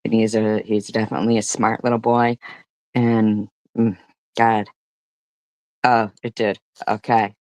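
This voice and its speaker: A woman's voice: extremely low pitch, little pitch movement, a little slow, long pauses, darkish tone, no room sound. Exasperated woman doing reaction commentary. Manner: exasperated, disgusted remarks. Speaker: commentary host.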